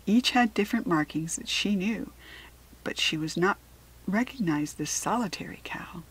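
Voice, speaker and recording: A woman narrating a storybook aloud in a gentle, measured read-aloud manner. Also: fairly low pitch, expressive, breathy edge, low-quality recording. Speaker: storybook reader.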